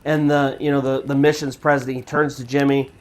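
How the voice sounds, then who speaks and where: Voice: mid-range voice, level tone, a little fast. A storytelling channel host narrating a true scary story in a casual, conversational way with fillers.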